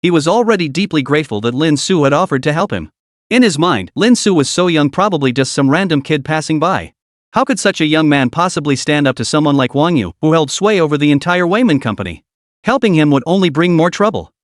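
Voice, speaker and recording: A male narrator telling a scripted story recap with dramatic, steady delivery. His voice sits a little high with lively pitch movement, and the sound is dry and close. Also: brisk, no room sound.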